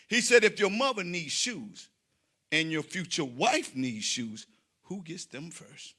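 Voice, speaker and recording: A man doing a stand-up comedy set, loud and preacher-like, with dramatic swings between shouting and quiet asides. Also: extremely high pitch, big pitch swings, moderate pace.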